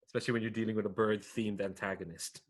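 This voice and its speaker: A man's voice: lowish voice, steady tone, fast. A man running a tabletop role-playing game, narrating and chatting in a hesitant, casual way. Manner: hesitant, chatty, many fillers and laughs. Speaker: game master.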